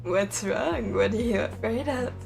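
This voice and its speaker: A woman voicing a deep, breathy, sultry grown woman who speaks slowly and seductively. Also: a little mellow, faint music behind. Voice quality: breathy and gravelly. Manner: slow, low and seductive.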